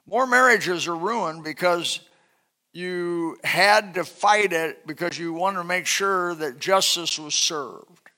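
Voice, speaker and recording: A middle-aged man preaching a sermon, swinging between loud bursts and soft, quiet asides. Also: high-pitched, slow. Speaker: pastor.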